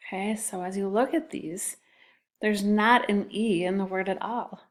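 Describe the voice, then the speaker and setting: A woman's voice: medium pitch, steady tone. A woman teacher giving a phonics lesson to young children, speaking patiently and spelling words out letter by letter. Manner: slow, patient, drawn-out spelling.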